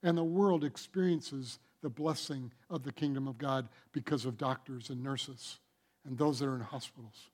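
A man preaching a sermon as pastor, emphatic, swinging between loud declarations and quiet asides. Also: mid-range voice, normal speed.

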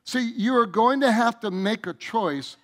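A man's voice: high-pitched, measured pace. A male pastor preaching a sermon, speaking emphatically and addressing the congregation directly.

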